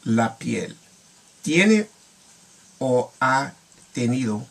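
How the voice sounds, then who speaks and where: A middle-aged man chats to his camera in a loose, wandering way. He chuckles as he talks and switches into Spanish phrases now and then. His voice sits at an ordinary pitch with a husky, breathy edge. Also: expressive, moderate pace, pushed and bright. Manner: rambling, chuckling, drifts between English and Spanish. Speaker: vlogger. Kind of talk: casual talk to camera.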